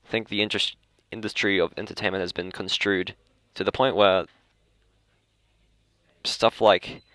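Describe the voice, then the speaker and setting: Young Australian guy, low voice, dry close sound, chatty podcast host who keeps restarting his sentences. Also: steady tone, normal speed, fairly bright tone, no echo. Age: young adult. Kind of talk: casual chat. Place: school library.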